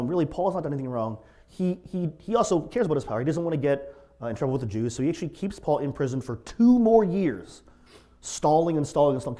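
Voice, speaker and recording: Guy preaching, chatty storyteller vibe, pitch bouncing all over, kinda high. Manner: conversational, animated storytelling with asides. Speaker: pastor. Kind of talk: sermon.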